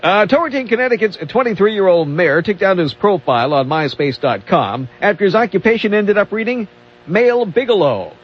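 A man's voice: high-pitched, lively intonation, fairly quick, husky. Dry wisecracking male news reader. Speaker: radio co-host and news reader. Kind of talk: reading news items on talk radio. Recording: dull lo-fi radio broadcast.

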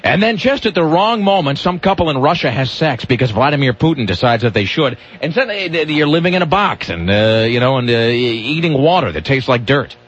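A man's voice: medium pitch, sing-song, brisk, hardly any pauses, fairly bright tone, husky. A man hosting a radio talk show, rambling through sardonic comic riffs with lots of restarts. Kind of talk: casual comic radio banter. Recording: dull lo-fi radio broadcast.

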